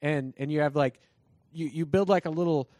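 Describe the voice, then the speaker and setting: A man's voice: a little high, moderate pace, a little mellow, no echo, clean studio sound. A man co-hosting a podcast in casual chat, rambling and trailing off. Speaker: podcast co-host.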